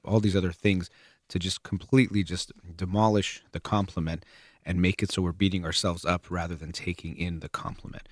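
A man calmly explaining ideas step by step in a measured way, with occasional fillers. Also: sits low, dry recording, clean studio sound. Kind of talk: explanatory talk on relationships.

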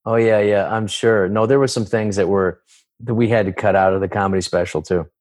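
Fairly quick, with a lowish, steady, somewhat mellow voice and no room sound, a comedian-actor guest chats casually in an interview. He rambles, restarts a lot, and does voices.

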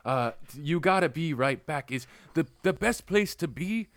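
A man in a comedy improv playing an older former president who gives rambling, soft-spoken advice that trails off. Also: on the high side, expressive, measured pace, no room sound.

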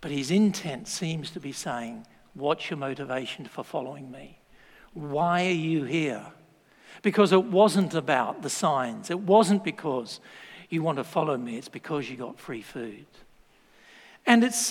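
An Australian man preaching a sermon, telling stories in a lively, joking way. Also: a little high, measured pace. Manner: lively storytelling with laughs and asides. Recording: long hall reverb.

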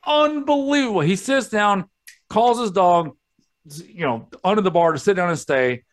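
A man's voice: high voice, lively intonation, normal speed. A man hosting a podcast, ranting and telling stories in a casual, profane way. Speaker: podcast host.

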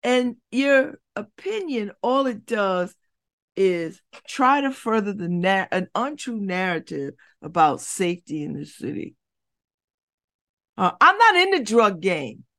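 Woman radio host, lively swooping voice, blunt and preachy. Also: medium pitch, slow pace. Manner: blunt, preachy, repetitive rhetorical questions. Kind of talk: community radio monologue. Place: radio studio.

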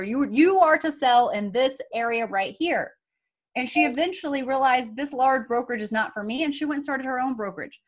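A woman's voice: on the high side, fairly bright tone. A woman hosting a casual panel discussion, making her points emphatically. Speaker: podcast host.

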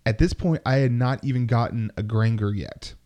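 A man's voice: mid-range voice, normal speed, mellow, dull audio. A man who streams games telling stories in a casual chat, rambling, swearing and acting out quoted people.

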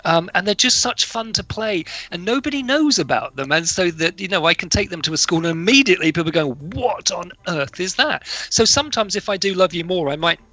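A man's voice: sits high, fast, few pauses. A man, a children's poet, talking casually on a radio show and reading his verse in a playful way. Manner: playful, animated, leads call and response.

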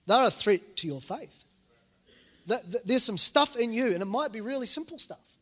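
Speaking at a moderate pace in a very high-pitched voice, a man in his 40s from New Zealand preaches as a pastor. He brings his stories to life by acting out the voices in them, and the church hall where he speaks adds a reverberant echo.

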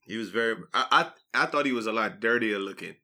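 A man hosts a casual podcast. His voice sounds bright and forward, and he talks in a loose, slangy, laughing way as he tells stories. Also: lowish voice, lively intonation, fast. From New Iberia, Louisiana. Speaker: podcast host.

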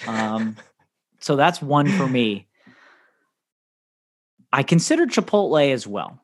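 A podcast co-host with a mid-range, sing-song voice talks slowly in casual chat. He rambles and jokes, laughing often.

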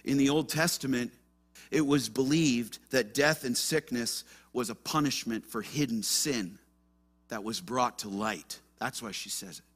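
A man's voice: mid-range voice, a little slow, a bit bright, soft background music. A man pastor preaching an earnest sermon with emphatic rhetorical questions.

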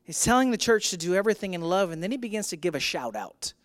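A male pastor preaching a sermon. He swings between loud, emphatic declarations and hushed, intimate lines, and calls out to his congregation. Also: sits high, sing-song, fast, dry recording. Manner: addresses the congregation directly with call-and-response prompts. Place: church.

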